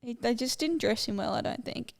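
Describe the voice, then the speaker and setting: A woman's voice: fairly high pitch, animated, brisk, vocal fry. A young woman co-hosting a podcast, chatting casually and rambling from one topic to the next. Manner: chatty, rambling, easily sidetracked. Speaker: podcast co-host. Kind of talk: casual chat.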